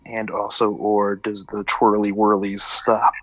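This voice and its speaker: A man's voice: on the low side, completely flat delivery, unhurried, no room sound. A man playing a tabletop game, chatting in a playful, jokey way. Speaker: player. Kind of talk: casual tabletop game chat. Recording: noisy online call audio.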